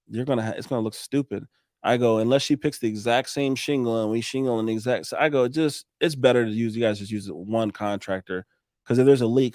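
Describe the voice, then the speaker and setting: A man, a roofing contractor, telling animated stories on a podcast, acting out the dialogue and swearing now and then. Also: medium pitch, no room sound, clean studio sound. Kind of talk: casual storytelling on a podcast.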